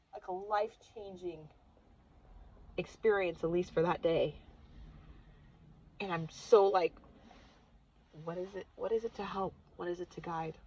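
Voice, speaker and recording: A woman, a mother, telling a long personal story in a casual vlog and acting out the voices she quotes, swinging from hushed to loud. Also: fairly low pitch, breathy edge, muffled recording. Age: adult with children. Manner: animated, acts out quotes with big swings in loudness. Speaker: vlogger recounting a retreat.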